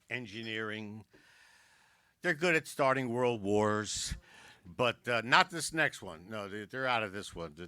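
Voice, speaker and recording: A man's voice: fairly low pitch, pushed and bright, no echo. Philly guy doing stand-up, cracking jokes, dry close sound. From South Philadelphia. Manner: joke-telling with wisecracks and asides. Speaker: stand-up comedian. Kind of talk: stand-up comedy set. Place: community arts center.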